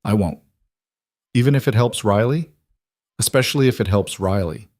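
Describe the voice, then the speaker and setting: A man's voice: lowish voice, normal speed, a little mellow, dry recording, studio quality, natural voice. A man voicing an exhausted, proud young working woman in a storybook reading, his voice raised for her. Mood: strained. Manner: strained, weary, defensive.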